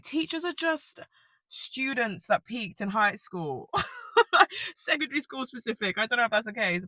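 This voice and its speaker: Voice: mid-range voice, fairly bright tone, dry recording. A young adult telling a casual, rambling storytime rant, swearing freely and laughing often. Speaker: vlogger.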